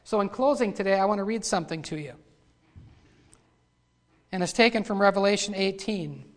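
A man preaching a sermon. He builds from quiet asides to loud, fervent cries when he reads scripture. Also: high-pitched, normal speed. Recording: long hall reverb.

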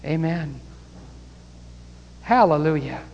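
A man's voice: a little high, animated, slow pace, darkish tone, muffled recording. Fervent male preacher, in a reverberant hall. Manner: fervent, rising to exclamations of praise. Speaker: preacher leading a Bible study. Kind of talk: sermon and closing prayer.

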